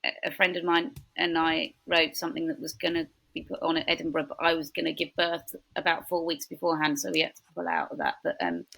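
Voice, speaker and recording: A woman in her forties, a podcast guest, talks in a low, husky voice with a gravelly edge. She chats casually and tells animated stories. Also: quick pace, hardly any pauses, low-quality recording. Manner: chatty, animated storytelling with quoted voices. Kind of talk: casual chat.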